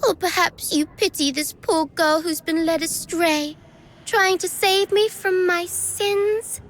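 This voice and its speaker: High-voiced, unhurried game villainess who taunts her captives with sing-song sarcasm. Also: a little hiss or hum, heavily acted. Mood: mocking. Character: mocking treacherous young woman, gleeful villain. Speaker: game character. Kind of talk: video game voice acting.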